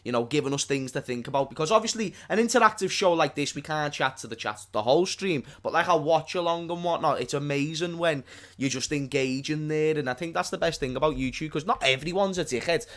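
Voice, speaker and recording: A man's voice: a little high, fast talker, a bit bright. A man co-hosting a casual live stream from his own small studio, laid-back and slangy, swearing casually. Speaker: stream co-host.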